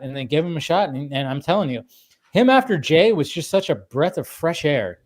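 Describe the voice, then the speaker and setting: A man's voice: a little high, animated, fairly quick. A man hosting a live stream, chatting casually and rambling with many restarts and acted-out quotes. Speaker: stream host. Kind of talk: casual chat.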